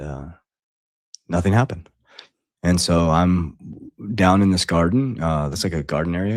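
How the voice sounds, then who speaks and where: Middle-aged man, very low voice, dry close sound, blunt and profane, rambling casual storytelling. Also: a little mellow, no echo. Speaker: online coach.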